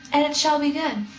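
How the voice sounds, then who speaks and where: A woman's voice: high voice, reverberant. A teenage girl vlogging at home, chatting to the camera in a bubbly, rambling, joking way while lying on the floor, recorded on a built-in camera mic. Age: teens. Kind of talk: casual chat to camera.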